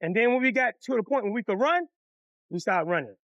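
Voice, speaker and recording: A man from Detroit telling a story from his own past in a casual, cussing storytime style, acting out everyone's voices. His voice is very high for a man, and he is recorded close on a dry mic with no room around him. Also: brisk, no room sound, lo-fi sound. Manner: animated, profane, acts out voices.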